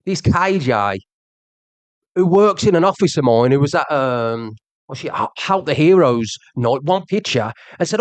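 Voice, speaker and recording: Bloke going off on his livestream, a bit higher voice, dry sound, keeps repeating himself. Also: lively intonation, moderate pace, no echo. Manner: confrontational, repeats himself, addresses the viewer directly. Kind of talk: heated livestream rant.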